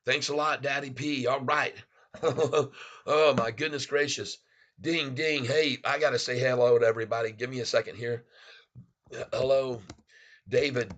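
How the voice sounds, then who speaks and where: A man hosting a live day-trading stream, excitedly calling out prices, placing orders and greeting viewers as "folks.". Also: medium pitch. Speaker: stock trading livestream host.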